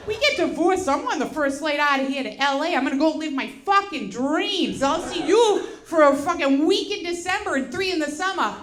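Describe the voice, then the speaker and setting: A brash woman in her forties doing a stand-up set, with a high voice and a foul mouth. She laughs at her own lines, and the sound rings around an echoey venue over loud noise. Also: animated, moderate pace. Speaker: stand-up comedian. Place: comedy show with laughing audience.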